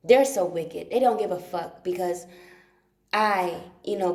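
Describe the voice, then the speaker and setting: Her voice sits on the low side, a little mellow, and moves at a measured pace in an echoey room. She's a livestream host rambling casually from a dark room at home, full of profanity and emphatic repetition.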